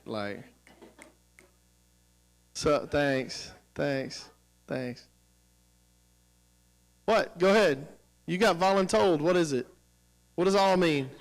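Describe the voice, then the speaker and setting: A high-pitched middle-aged man runs a professional development session for teachers in a school room. He talks in an energetic, questioning way, prodding the tables for answers. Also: slow, pauses often, smooth, low-quality recording. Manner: energetic, questioning, coaxing the audience. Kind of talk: teacher training workshop.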